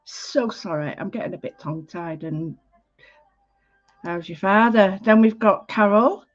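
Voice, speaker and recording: A woman's voice: medium pitch, measured pace, lo-fi sound. Chatty woman hosting a live art class. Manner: chatty, warm greetings, self-interrupting. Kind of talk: casual livestream art lesson.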